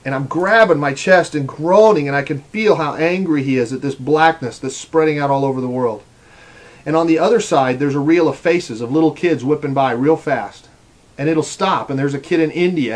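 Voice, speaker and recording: A man giving an earnest, rambling personal testimony, often repeating his words. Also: on the high side. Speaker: speaker giving a religious testimony.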